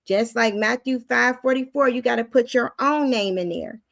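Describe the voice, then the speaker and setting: A woman with a fairly high voice teaches in a loose, conversational way, plain-spoken and animated. The sound is dry and close, with no room around it. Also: moderate pace, vocal fry, no echo. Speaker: Christian teacher and host.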